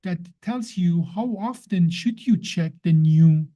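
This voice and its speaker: A woman walks a listener through how the brain works, stressing her points and quizzing him as she goes. Her voice is deep, dark and mellow in tone. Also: slow, dull audio. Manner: emphatic, teacherly, asks the listener questions. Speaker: science guest explaining the brain. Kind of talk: explanatory conversation.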